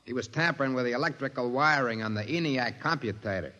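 An actor playing a matter-of-fact security guard testifying in an old radio drama. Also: male voice, medium pitch, fast talker, bright, forceful tone, lightly acted. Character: plain-spoken male security guard. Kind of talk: 1950s radio drama acting. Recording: dull recording with long reverb.

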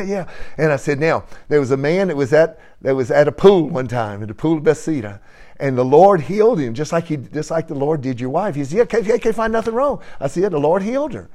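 A man leading a church gathering, telling an animated testimony with laughter and frequent praise. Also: a little high. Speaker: church fellowship leader.

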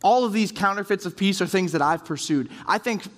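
Man, high voice, conversational sermon, acts out inner voices, long hall reverb. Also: a little fast. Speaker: speaker at a men's group. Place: large room with round tables.

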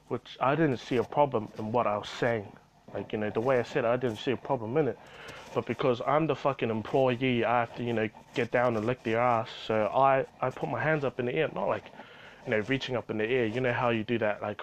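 A man's voice: medium pitch, steady tone, a little fast, a little hiss or hum, poor audio. A man telling a rambling story about his retail job in a casual vlog, full of fillers and swearing.

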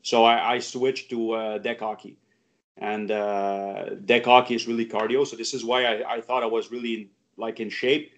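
A man from Quebec chats as an interview guest, mid-pitched and halting. He restarts often and fills pauses as he tells stories. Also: little pitch movement. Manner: halting, many restarts and fillers. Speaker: guest, karate teacher. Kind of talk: casual interview chat.

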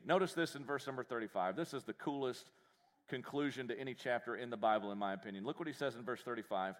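A man preaching a sermon in a church, folksy and joking, with animated delivery. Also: mid-range voice, quick pace. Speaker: pastor.

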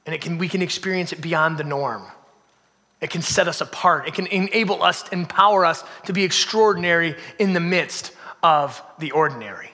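A man preaching a sermon, swinging from loud emphasis down to hushed, near-whispered passages. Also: fairly high pitch, normal speed, long reverb tail. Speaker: pastor.

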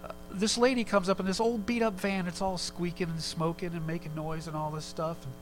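A man preaching a sermon in a relaxed, conversational way, telling a personal story with quick asides. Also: sits high, soft background music, low-quality recording. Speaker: pastor.

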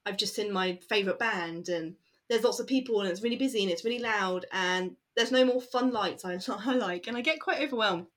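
A woman with a medium-pitched, fairly bright voice chats briskly in an interview. She rambles casually, filling her talk with fillers and bursts of laughter.

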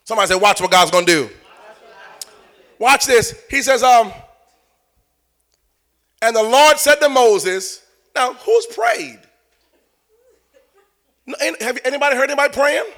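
High-voiced man preaching a sermon. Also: sing-song, measured pace, long pauses. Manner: preaching with shouted and sung-out phrases, acting out dialogue. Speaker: pastor.

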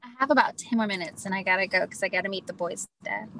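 A woman's voice: medium pitch, fast talker, sharp tone, a little hiss or hum, low-quality recording. A woman listening in a casual chat, giving short reactions. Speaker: listener in a conversation.

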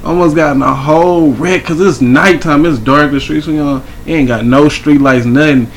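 Young dude, gravelly voice, says bro every other word, laid back podcast chat. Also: male voice, on the high side, steady tone, moderate pace, slight background noise. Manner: slangy, says bro and like constantly, laughs easily. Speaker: podcast co-host. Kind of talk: casual chat.

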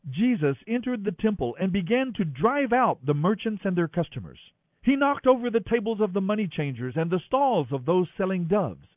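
A man reading scripture aloud in an expressive, animated way. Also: high voice, moderate pace, no room sound. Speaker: scripture reader. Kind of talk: scripted narration. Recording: dry, thin phone-like audio.

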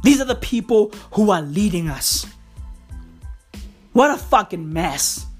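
A woman's voice: medium pitch, very animated, takes it slowly, slightly rough, soft background music. A woman from South Africa delivering a heated, swearing comedic rant full of slang and repetition. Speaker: comedic ranter.

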